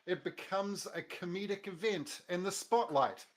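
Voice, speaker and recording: A player in a tabletop game who calmly narrates a character's actions. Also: medium pitch, measured pace. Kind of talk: tabletop game play, casual chat.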